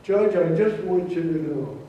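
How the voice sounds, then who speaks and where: A man's voice: fairly high pitch, animated, unhurried, muffled recording, a little hiss or hum. A man doing a plainspoken old hobo. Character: easygoing older male hobo from Texas, plainspoken. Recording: roomy hall, mic from far off.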